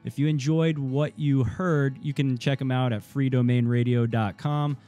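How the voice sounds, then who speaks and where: Young male co-host, warm mellow tone, dry mic, light music bed. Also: mid-range voice, fairly even intonation, moderate pace. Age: 20s. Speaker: podcast co-host. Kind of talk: casual interview chat.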